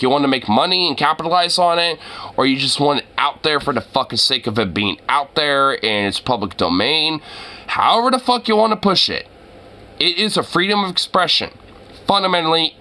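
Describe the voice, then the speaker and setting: A man's voice: on the high side, big pitch swings, normal speed, pushed and bright. A man hosting a reaction video, giving casual rambling commentary full of swearing and fillers like "you know" and "like".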